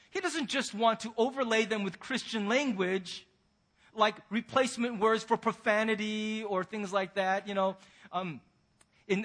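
A man preaching a sermon in a very high, bright, forceful voice with a husky edge. He speaks earnestly as a pastor, pressing his congregation with one pointed question after another.

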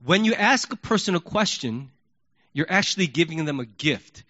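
A man preaching a sermon in an animated way, acting out yelled questions. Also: on the high side, moderate pace. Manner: animated, acts out yelling questions. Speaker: pastor. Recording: dull lo-fi recording.

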